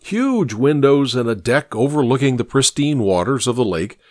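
A man narrating an audiobook in a measured, storytelling way. His voice is lively, moving all over in pitch, and the recording is dry and close with no room sound. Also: no room sound.

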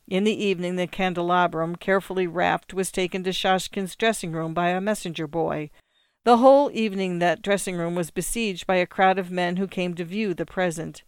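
A narrator reading a classic short story aloud in a measured, expressive manner. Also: medium pitch, clean tone, no room sound.

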